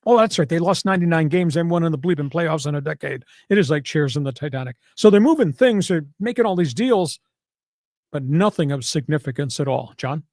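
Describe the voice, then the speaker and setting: A man hosts a sports talk podcast with a brash, sarcastic edge and punchy delivery. His voice sits a little high. The sound is dry and close, with no room echo. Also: animated, brisk, darkish tone.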